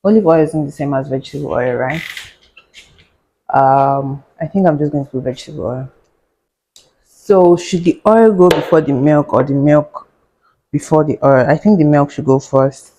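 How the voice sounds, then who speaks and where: A woman's voice: deep voice, normal speed, mellow, slight background noise, poor audio. A young woman, a doctor, telling a story in a sarcastic, chatty way while she cooks, laughing and muttering to herself. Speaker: doctor and vlogger. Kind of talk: casual storytime chat while cooking.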